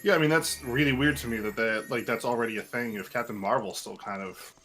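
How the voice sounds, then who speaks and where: A man chatting on a game stream, jokey and quick to laugh. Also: mid-range voice, a bit bright, poor audio. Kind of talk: casual chat while gaming. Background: game music.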